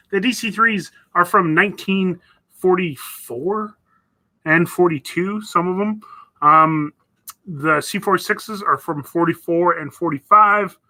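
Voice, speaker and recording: A man's voice: sits high, sharp tone, low-quality recording. A man from northern Canada hosting a casual live stream, rambling and chatting as he reads viewer messages. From Northwest Territories, Canada. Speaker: livestream host.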